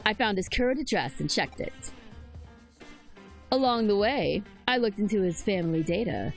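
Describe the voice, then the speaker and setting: A woman voicing a composed investigator who speaks in a formal, measured way. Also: medium pitch, expressive, gravelly, faint music behind, pitched below the performer's own voice. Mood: calm.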